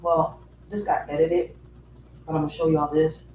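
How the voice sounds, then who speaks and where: A high-voiced man comments casually on a viral clip in a loose, chatty manner. He sits back from the mic in an echoey room with a faint hiss behind him. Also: little pitch movement, moderate pace, a little mellow, far from the mic. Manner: loose, chatty, with many fillers. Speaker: reaction video host.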